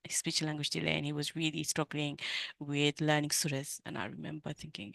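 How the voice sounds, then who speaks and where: A middle-aged woman coach giving an earnest, emotional personal talk to other women, with halting restarts. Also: low-pitched, little pitch movement, vocal fry, fairly bright tone, no room sound.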